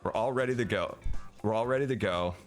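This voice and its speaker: A man's voice: fairly quick, faint music behind. A man in his thirties casually telling a story as podcast co-host, acting out other people's voices. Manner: animated, acts out other people's voices with big pitch jumps.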